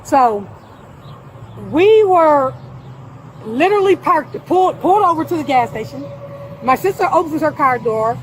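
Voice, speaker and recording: High pitched woman outside a gas station, talking fast and worked up to a cop, caught on a bodycam, faint hiss. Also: rough recording. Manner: animated, acts out quoted dialogue. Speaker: complainant speaking to police. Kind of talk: agitated retelling to an officer. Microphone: police body camera.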